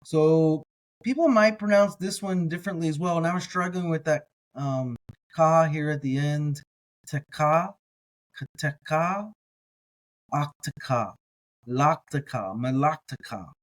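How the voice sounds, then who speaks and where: A man teaching a slow word-by-word reading lesson, sounding out each syllable carefully and adding casual asides. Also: on the high side, rough recording. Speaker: biblical language teacher.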